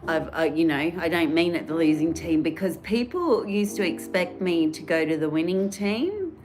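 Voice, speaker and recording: Over background music, an Australian livestream host chats in a casual, earnest way, drifting between topics and reading viewers' comments aloud. She has a fairly low, expressive voice and talks at a normal speed.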